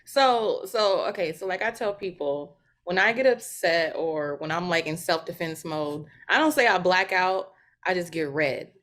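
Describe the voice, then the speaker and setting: A woman's voice: lowish voice, moderate pace, fairly bright tone. A woman co-host in casual chat, listening, laughing and giving reassuring replies.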